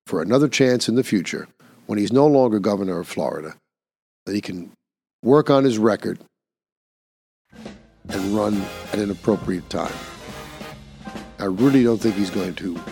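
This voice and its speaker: Emphatic older man with a low voice. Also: lively intonation, normal speed, pauses often, warm tone, husky, soft background music. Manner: emphatic, scornful commentary. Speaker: podcast host. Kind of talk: opinion monologue.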